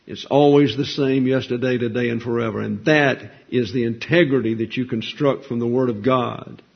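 A man delivering a sermon in a plain, folksy teaching style, often putting questions to his listeners and answering them himself. His voice is slightly husky and sits at a middle pitch. The recording sounds dull and lo-fi. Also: fairly even intonation, normal speed. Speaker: preacher.

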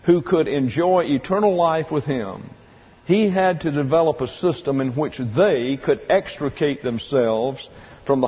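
A man teaching a Bible sermon, reading quotes aloud and spelling words out slowly. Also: on the high side, breathy edge. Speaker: pastor. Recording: lo-fi hall recording with long reverb.

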